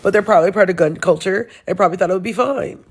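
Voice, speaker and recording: A woman's voice: mid-range voice, rapid-fire, slight background noise. A young woman hosting her own show, reading news headlines aloud and reacting with blunt, sarcastic remarks and frequent laughs. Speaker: show host.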